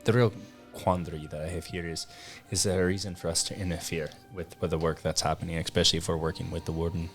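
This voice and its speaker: A man with a low, deep voice talking through his moves at a tabletop game, hesitant and full of restarts. Faint music sits underneath. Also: flat delivery, fast talker, hardly any pauses. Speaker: player.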